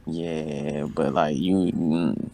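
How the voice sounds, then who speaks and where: A man's voice: extremely low pitch, level tone, drawn-out words, creaky, mellow. A man who is a guest on a podcast, talking in a laid-back, casual way and calling his host "bro". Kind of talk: casual chat.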